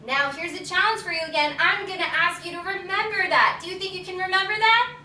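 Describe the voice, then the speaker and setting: A yoga teacher leads a children's class, calling out poses and animal sounds for the kids to copy in an upbeat, encouraging way. Her voice is very high, a little fast and sharp. She's recorded from a distance in an echoey room with slight background noise.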